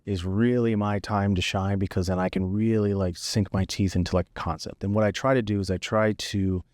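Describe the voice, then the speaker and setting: A man, a videographer guest, telling stories of his work in a relaxed, conversational way on a podcast. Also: fairly low pitch, a little fast, no room sound, clean studio sound. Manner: relaxed storytelling, easy and conversational. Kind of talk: casual podcast chat.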